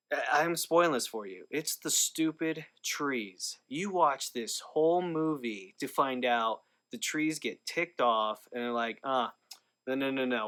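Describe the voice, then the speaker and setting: A man's voice: mid-range voice, a bit bright. A man talking casually to camera in a movie review vlog, rambling with lots of fillers and restarts.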